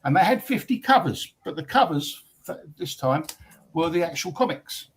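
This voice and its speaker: English guest, husky, rambling storyteller, hesitant. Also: male voice, fairly high pitch, big pitch swings, moderate pace, rough recording. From England. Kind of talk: casual chat.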